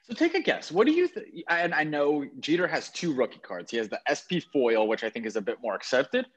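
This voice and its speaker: A man's voice: on the high side, fairly quick. A man co-hosting a podcast, chatting enthusiastically about sports cards and correcting himself as he goes. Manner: enthusiastic, lively, self-correcting. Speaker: podcast co-host. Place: on a trip, away from home.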